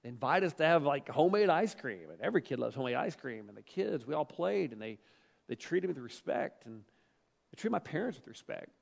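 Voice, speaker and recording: Gravelly, animated male preacher in a hall. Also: on the high side, a little fast. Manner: animated, emphatic, repeats phrases for effect. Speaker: pastor. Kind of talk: storytelling sermon.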